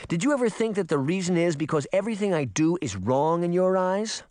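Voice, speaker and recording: A man's voice: high voice, lively intonation, a little fast, a little mellow, no echo, clean studio sound, pitched above the performer's own voice. A man voicing an angry, defiant girl in an audiobook reading, speaking in a raised, indignant voice. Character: angry defiant girl heroine, sharp-tongued.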